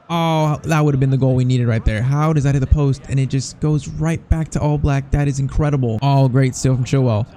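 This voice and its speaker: A young man calls his own football video game match live, urging on the players on screen. His voice is mellow and warm, and faint noise hums behind him. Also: mid-range voice, brisk. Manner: excitable, talks to the players on screen. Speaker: gaming commentator. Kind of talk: live gameplay commentary.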